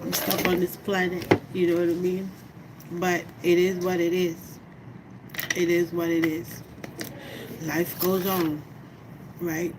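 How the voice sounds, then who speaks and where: Slow-talking woman venting in a vlog. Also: fairly low pitch, level tone, background noise. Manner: slow, heartfelt, conversational, often asks "you know what I mean". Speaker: vlogger. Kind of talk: personal vlog monologue.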